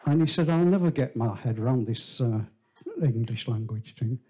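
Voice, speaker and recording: A man with a mellow, relaxed voice warms up a small theatre crowd. He chats and teases, spinning a long joke about the performer. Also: mid-range voice, moderate pace, husky. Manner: chatty, teasing, tells a shaggy-dog joke. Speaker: venue host introducing the performer. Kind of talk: joking live introduction. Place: small theatre, live audience.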